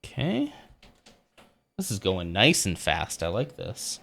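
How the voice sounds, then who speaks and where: A man's voice: deep voice, wildly swooping pitch, slow, creaky, fairly bright tone. A man livestreaming as he builds a Lego set, chatting casually and laughing often at himself.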